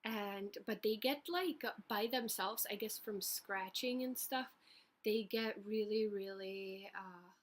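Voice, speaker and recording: A woman, a little out of breath, giving a casual video update at home into her computer's webcam, speaking in a halting way with many fillers. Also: medium pitch. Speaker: vlogger.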